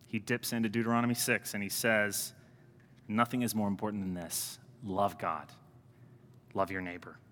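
Male priest, lively conversational sermon delivery, bright, forceful tone. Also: fairly low pitch, long reverb tail. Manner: conversational, animated preaching with rising emphasis.

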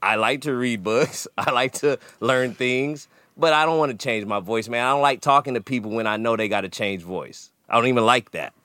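A man's voice: mid-range voice, fairly quick, few pauses, pushed and bright, no echo. A man guest in a casual roundtable chat, laid-back and slangy. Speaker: storyteller guest.

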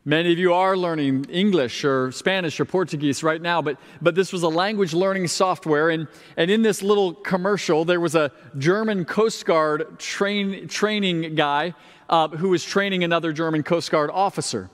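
High-voiced pastor preaching in a reverberant hall. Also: male voice, moderate pace. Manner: conversational, lightly humorous preaching. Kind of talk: sermon. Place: church sanctuary. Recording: long reverb of a large hall.

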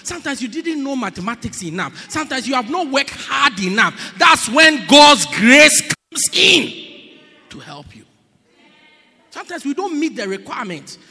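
Booming, playful male preacher in a hall. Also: breathy edge. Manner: swings from shouting to near-whispering, playful and teasing. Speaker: bishop preaching. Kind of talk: sermon. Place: church hall. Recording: long hall reverb.

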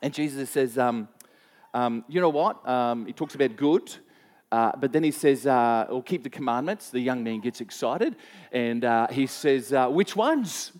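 A man's voice: medium pitch, expressive, a little slow, darkish tone. A man preaching a sermon, telling a story in a conversational way with many restarts and questions to the congregation. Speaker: pastor. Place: church hall. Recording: long reverb of a church hall.

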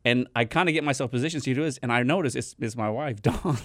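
A middle-aged man, a traveling minister, telling a story casually with quick asides. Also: medium pitch, no echo, studio quality.

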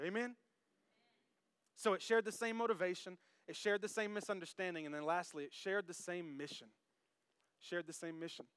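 A man preaching a sermon to his congregation, animated and jokey, who talks straight to the crowd. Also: sits high, clear, resonant tone, no room sound. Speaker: pastor. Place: church service.

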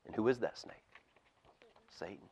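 A man, a pastor, reading a storybook aloud to children in church with expressive, animated storytelling. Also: lowish voice, unhurried, creaky, slight background noise. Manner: expressive storytelling, lively swings in loudness.

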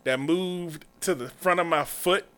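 A man's voice: fairly high pitch, unhurried, fairly bright tone. A man in his thirties hosting a comedy podcast in casual, playful banter, laughing often and repeating words as he gathers his thoughts. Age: 30s. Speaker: podcast host. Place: podcast studio.

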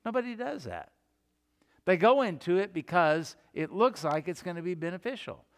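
A pastor preaching a sermon, telling stories and acting out the voices of the people in them. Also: male voice, high-pitched, normal speed, long reverb tail. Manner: animated storytelling, acting out quoted voices.

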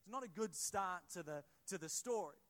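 A high-pitched man preaching in a church, talking with his congregation rather than at it. He stumbles through restarts and tosses in quick asides as he explains a passage. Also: lively intonation, a bit bright. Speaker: pastor. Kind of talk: sermon.

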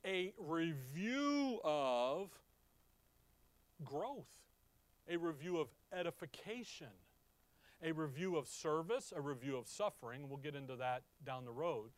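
A pastor teaches a sermon through a Bible passage, questioning the congregation and checking that they follow along. Expressive and at a measured pace, he moves between emphatic peaks and low, quiet asides, in a dry recording.

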